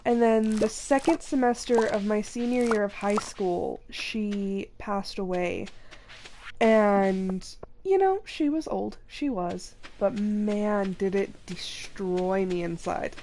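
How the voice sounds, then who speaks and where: A woman's voice: medium pitch, slow, dark tone, a little hiss or hum. A young woman streaming a farming game, chatting casually and rambling through a story with many fillers and restarts, emotionally drained. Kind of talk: casual live-stream chat while playing. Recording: game music behind voice.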